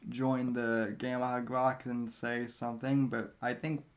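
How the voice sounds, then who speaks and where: A man hosting a live online podcast, talking in a slow, hesitant, stumbling way. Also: mid-range voice, little pitch movement. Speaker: podcast host. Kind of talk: casual podcast sign-off.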